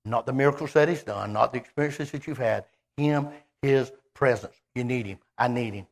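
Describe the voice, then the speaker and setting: A man preaching a sermon, animated and conversational, voicing God in quoted speech. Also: mid-range voice, moderate pace, creaky.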